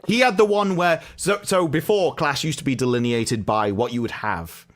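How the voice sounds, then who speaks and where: A man's voice: medium pitch, normal speed. A man with a casual received-pronunciation English accent, co-hosting a chatty livestream and explaining things at length with frequent restarts. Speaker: co-host.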